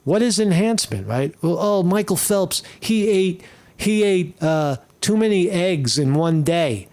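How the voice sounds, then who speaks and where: A man's voice: sits high, animated, unhurried, darkish tone. A man doing blunt, profane live-stream commentary, rambling and restarting as he reacts to news.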